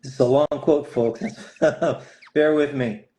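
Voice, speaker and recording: A man's voice: mid-range voice, steady tone, takes it slowly, warm tone. A middle-aged man chatting casually and jokingly while signing autographs on a live stream. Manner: playful, jokey, chatty while writing.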